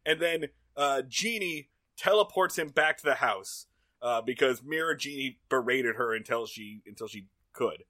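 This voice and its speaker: A man co-hosting a podcast, recapping a TV episode in casual, profane banter and acting out lines in loud put-on voices. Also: mid-range voice, moderate pace, no echo. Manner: animated, acts out quotes in loud voices, profane. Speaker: podcast co-host.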